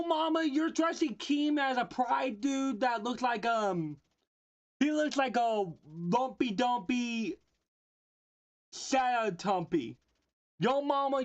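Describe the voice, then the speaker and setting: A woman's voice: fairly high pitch, muffled recording. A woman livestreaming, casually roasting people with playful mock insults and laughing at her own jokes while talking to chat. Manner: talks to chat and a friend off-mic.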